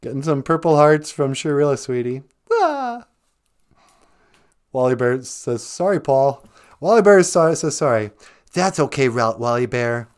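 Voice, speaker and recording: A man hosts a loose, joking livestream and keeps breaking into laughter between comments. His voice is highly animated, with pitch swinging from low mutters to high exclamations as he rambles from one tangent to the next. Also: normal speed, clean tone. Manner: giggly, rambling, jokey, calls people sweetie. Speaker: livestream host reading viewer comments. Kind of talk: casual livestream chat.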